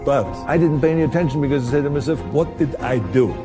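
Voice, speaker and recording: A man's voice: a little high, quick pace, over music. A man with a German accent giving an emphatic motivational talk, driving his points home with repeated phrases. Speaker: motivational speaker. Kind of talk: motivational speech and interview clips.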